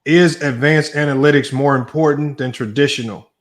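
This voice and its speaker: Relaxed slangy man hosting a debate stream. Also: on the high side, moderate pace. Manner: relaxed, slangy, thinks aloud. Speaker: debate show host. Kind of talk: casual livestream chat, reading out a list.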